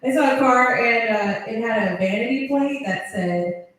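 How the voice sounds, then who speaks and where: A woman's voice: on the high side, normal speed, fairly bright tone. A woman doing a stand-up set, rambling and self-deprecating and often laughing at her own jokes. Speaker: stand-up comedian. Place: comedy club. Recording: very echoey club room.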